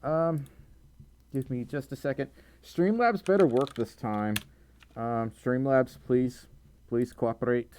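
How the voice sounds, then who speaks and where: A man hosting a casual livestream, excitable and giggly, breaking into sudden high squeals. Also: takes it slowly, clean tone. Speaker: livestream host.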